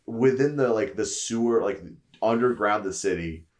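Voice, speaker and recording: A man co-hosting a podcast, loosely talking through a story idea with hesitations and fillers. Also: normal speed. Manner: loose, hesitant pitching with "you know" and "like". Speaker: podcast co-host. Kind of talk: casual chat.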